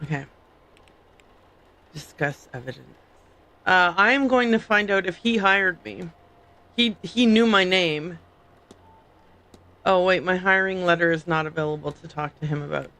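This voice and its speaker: A woman's voice: fairly low pitch, unhurried, pauses often, sharp tone, low-quality recording. A woman streamer giving casual, jokey commentary while reading on-screen game text aloud.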